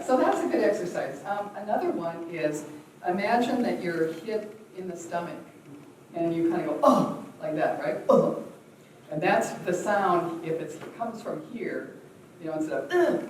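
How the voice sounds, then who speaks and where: A woman's voice: on the low side, big pitch swings, moderate pace, a little mellow. A woman teaches an acting workshop in a big echoey room, recorded from some distance with faint noise behind her. She demonstrates the vocal exercises herself and laughs often between explanations. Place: large echoey theatre room.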